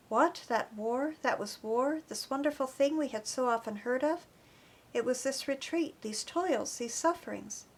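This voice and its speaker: A woman reading an audiobook chapter in an earnest, expressive narration. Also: high voice. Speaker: audiobook reader. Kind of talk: scripted narration.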